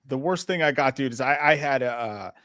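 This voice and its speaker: A man's voice: medium pitch, animated, fairly quick, a bit bright, no room sound, clean studio sound. A man co-hosting a live movie show, reading chat messages and telling loose, profane stories with a lot of laughing. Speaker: podcast co-host reading chat. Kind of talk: casual live-stream chat.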